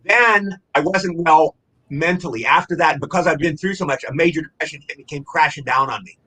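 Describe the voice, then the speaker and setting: An older man talks quickly in a high-ish, bright and forceful voice. He rambles through a personal story, animated and full of restarts, as a guest in a casual interview. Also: slightly rough, poor audio.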